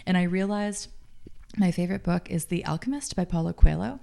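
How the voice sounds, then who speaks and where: Her voice is on the low side, warm and creaky, and she speaks fairly quickly. She's a woman in her late thirties guesting in a casual interview, earnest and thoughtful, frequently dropping "like" as filler.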